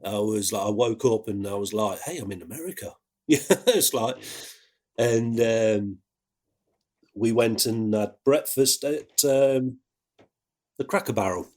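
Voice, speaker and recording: A man with an English accent, an ambulance worker telling a personal story in a halting way, with many restarts. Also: lowish voice, darkish tone. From England. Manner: halting, full of fillers and restarts.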